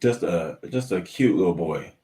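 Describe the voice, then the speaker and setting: A man with a slightly low voice hosts a casual morning news show from his swivel chair at home. He talks loosely and swears freely. He answers viewers' comments as they come in. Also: lively intonation, normal speed, dark tone.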